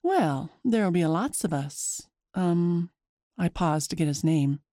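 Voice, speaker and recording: A woman giving a chatty, lively first-person story narration. Her voice is mellow and mid-pitched, and the sound is close and dry. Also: takes it slowly, dry recording.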